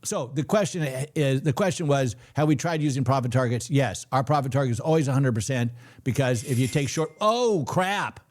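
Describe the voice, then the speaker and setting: A middle-aged man talks through a live trading stream in a chatty, joking way, reading viewer comments aloud as he goes. His voice sits at an ordinary pitch for a man. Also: brisk, a little mellow. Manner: chatty, jokey, reads chat aloud. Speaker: trading show host. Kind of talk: casual live-stream chat.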